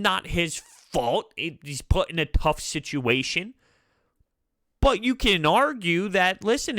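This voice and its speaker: A male sports vlogger venting about his team in a bright, forceful voice. He is animated and exasperated and laughs through the frustration. The sound is dry and close, with no room in it. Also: high-pitched, no echo. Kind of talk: fan reaction commentary.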